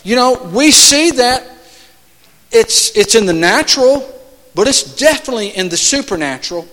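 Man, pastor, high voice, fiery sermon, long church reverb. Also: expressive, moderate pace. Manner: impassioned, rising to loud emphatic peaks. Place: church sanctuary.

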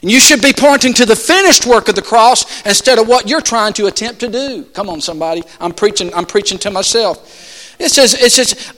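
A man preaching a sermon in church, calling out questions to the congregation and swinging between shouts and soft asides. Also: sits high, sing-song, a little fast. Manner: call-and-response, rhetorical questions to the congregation. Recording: long church hall reverb.

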